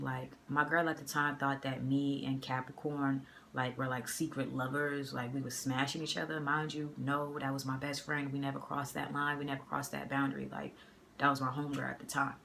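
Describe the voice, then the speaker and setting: A woman tells a story straight to her phone camera, loose and chatty, with fillers and slang throughout. Her voice has a gravelly, creaky edge, and a faint hiss sits under it. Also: extremely low pitch, fairly bright tone. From Boston area. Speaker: vlogger. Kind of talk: casual storytime vlog.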